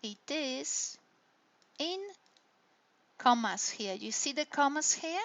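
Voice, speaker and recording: A woman's voice: sits high, lively intonation, takes it slowly, fairly bright tone, no echo. A woman lecturer explaining step by step, often checking in with her listeners with "right?" and "hey?". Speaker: university lecturer. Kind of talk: recorded online lecture on intonation. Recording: dull lo-fi lecture recording.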